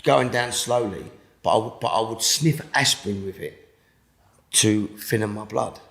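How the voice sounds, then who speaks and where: A man with a British accent giving an emotional personal testimony in an interview, halting and repeating words, sinking to a hush at the most intense moments. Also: on the low side, creaky, roomy sound. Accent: British English. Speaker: interviewee telling his testimony.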